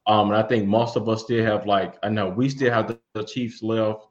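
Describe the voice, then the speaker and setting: A man's voice: on the low side, steady tone, moderate pace. Man chatting football, lo-fi sound. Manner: laid-back, fillers and laughs. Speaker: podcast co-host. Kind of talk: casual sports chat. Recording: dull lo-fi sound.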